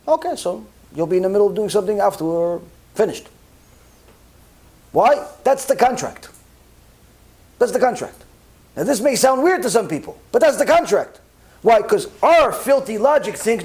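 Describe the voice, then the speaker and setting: Preaching on the Torah, this rabbi is lively, acting out each party in a dialogue and using Hebrew religious vocabulary. His voice sits high, moves at a normal speed, and pauses often.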